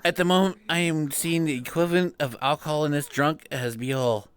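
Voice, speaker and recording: A young adult in the middle of a live-streamed academy roleplay, speaking in casual in-character banter. The delivery is blunt and full of swearing, at a mid-range pitch. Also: steady tone, brisk, clear, resonant tone.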